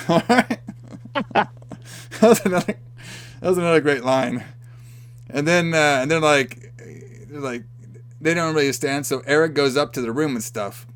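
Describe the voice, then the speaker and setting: A man's voice: a little high, moderate pace, long pauses, clear, resonant tone. A man co-hosting a podcast, casually recapping a film and acting out the characters' lines with swearing and laughter. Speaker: podcast co-host. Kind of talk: casual movie recap chat.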